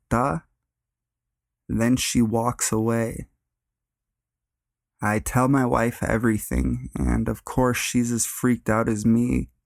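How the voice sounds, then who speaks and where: A young man reads a true scary story aloud as a narrator, in a deadpan, monotone way. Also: mid-range voice, vocal fry, dry recording, studio quality. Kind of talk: reading a horror story aloud.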